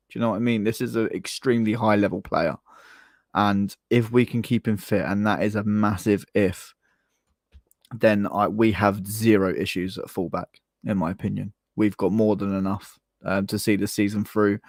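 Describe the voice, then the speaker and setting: Low-voiced English football pundit, dry sound. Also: male voice, no room sound. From England. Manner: opinionated, repeats words when starting sentences. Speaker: podcast co-host. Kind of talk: casual football podcast chat.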